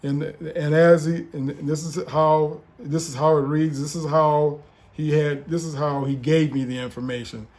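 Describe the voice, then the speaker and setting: A man preaching as an apostle, relaying revelations in a slow, solemn voice with frequent restarts. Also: on the high side, fairly even intonation, a little mellow. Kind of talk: preaching testimony and prophecy.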